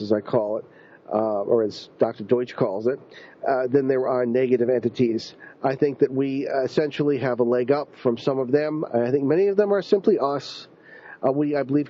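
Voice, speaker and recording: A man's voice: medium pitch, mellow. A man hosting a radio talk show who rambles, with frequent ums and restarts. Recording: dull lo-fi radio recording.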